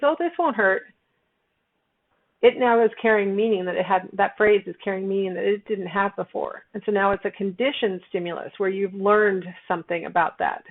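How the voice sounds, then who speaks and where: A woman psychology instructor talking through a recorded lesson, explaining step by step with fillers and self-corrections. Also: mid-range voice. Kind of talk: recorded lecture walkthrough. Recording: tinny phone-like audio.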